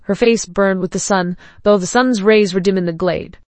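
Female audiobook narrator, steady reading, dry close sound. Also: mid-range voice, normal speed, no room sound.

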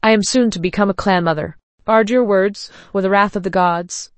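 A woman's voice: mid-range voice, normal speed, dry recording, natural voice. Haughty storybook priestess, young woman, commanding, dry sound, read by a woman narrator.

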